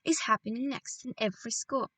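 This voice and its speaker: A woman reading a storybook aloud and voicing a fierce, ancient witch leader who shouts and gloats in broken grammar. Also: a little high, fairly even intonation, brisk, dry recording, poor audio. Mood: gloating.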